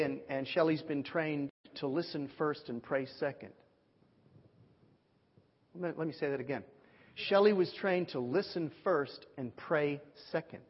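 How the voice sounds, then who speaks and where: A male pastor tells a story from the pulpit and plays every person in it himself. His voice is a little husky. The sound is dull and lo-fi, with a long echo from a large hall. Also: on the high side. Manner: animated storyteller, acts out quoted voices. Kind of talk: sermon storytelling.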